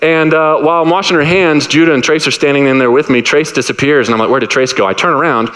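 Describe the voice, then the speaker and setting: A man in his thirties preaching a sermon, telling family stories in a casual, animated way and acting out the voices of his kids. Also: fairly high pitch, quick pace, low-quality recording. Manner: casual, repeats words and restarts. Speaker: pastor. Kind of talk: sermon with personal anecdotes.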